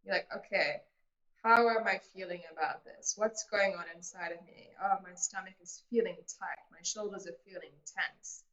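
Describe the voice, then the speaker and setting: A woman with a bright, clear voice explains her advice earnestly, as a relationship coach talking through a video call. The sound is muffled and rings in a roomy, echoey space. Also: mid-range voice, moderate pace. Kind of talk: casual interview advice.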